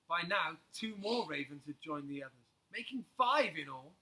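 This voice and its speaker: Storyteller for kids, male, animated swoops, very bright tone. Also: fairly high pitch, normal speed, few pauses, husky, poor audio. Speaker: children's storyteller. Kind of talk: storybook reading for children.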